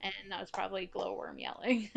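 A young woman co-hosting a podcast in casual chat, expressive and quick to laugh. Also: mid-range voice, creaky. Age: young adult. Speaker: podcast co-host.

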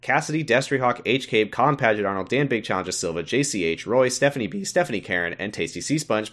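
A man's voice: fairly low pitch, lively intonation, a little fast, a bit bright. A man co-hosting a casual podcast, reading out the support tiers with wry, offhand swearing. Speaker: podcast co-host. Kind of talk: casual podcast chat, reading sponsor thanks.

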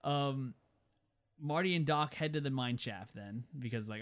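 A young man in casual chat, recapping a film in an animated way and breaking into high impressions now and then. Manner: rapid and animated, jumps into high-pitched impressions.

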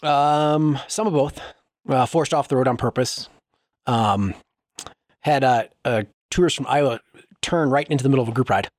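A middle-aged man as a podcast guest, telling a story in casual chat, animated and laughing through it. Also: mid-range voice, moderate pace, no echo, clean studio sound.

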